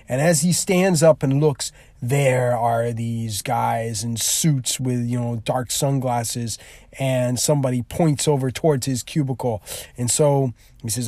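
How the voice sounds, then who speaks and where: A man's voice: mid-range voice, a little slow, mellow, dry recording. A male teacher explaining a classroom activity in a rambling way, with many fillers and restarts.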